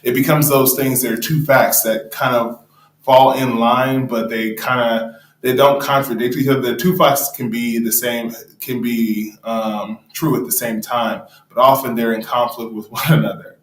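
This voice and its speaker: A man's voice: medium pitch, steady tone, moderate pace, reverberant, poor audio. A man speaking as a therapist on a panel, explaining thoughtfully with frequent ums and restarts.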